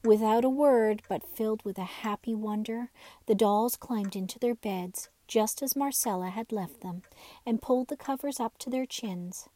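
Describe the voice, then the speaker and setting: Gentle woman reading a bedtime story. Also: on the high side, moderate pace, no room sound.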